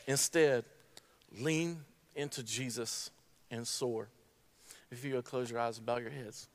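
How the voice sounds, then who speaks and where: Man, sermon, storytelling preacher, fervent exhortation, mid-pitched voice, quiet prayer at the end. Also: steady tone, measured pace, pauses often. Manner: storytelling, climbs to impassioned exhortation. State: tearful at times. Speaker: speaker at a graduation service.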